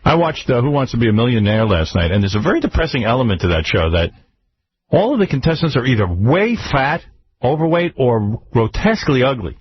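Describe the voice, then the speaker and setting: Wry animated radio host man. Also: medium pitch, a little fast. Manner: wry, deadpan commentary. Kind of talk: casual radio chat. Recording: dull radio broadcast.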